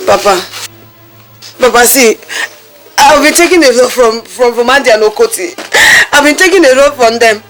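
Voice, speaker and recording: A woman's voice: moderate pace, close to an everyday voice. An actress with a Nigerian English accent playing a hot-tempered young woman who scolds her little brothers and calls on God. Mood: complaining. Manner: shrill scolding, exclaiming to God. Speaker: elder sister Juliana. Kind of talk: Nollywood film acting. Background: film score music.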